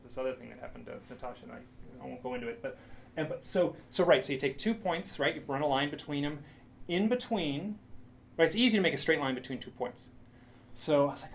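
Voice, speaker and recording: A man's voice: medium pitch, fast talker, a little hiss or hum. A man presenting a lecture with slides, telling a story with enthusiasm, many restarts and asides.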